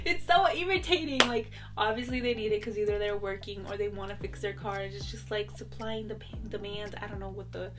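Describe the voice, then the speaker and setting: A woman's voice: medium pitch, moderate pace. A young woman vlogging in a casual, chatty way, often laughing and throwing in exaggerated mock retorts. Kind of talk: casual chatty rant to camera. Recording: soft background music.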